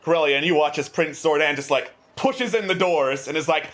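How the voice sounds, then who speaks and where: A man's voice: a little high, brisk, fairly bright tone. A man narrating a tabletop game as game master, chatty and full of fillers.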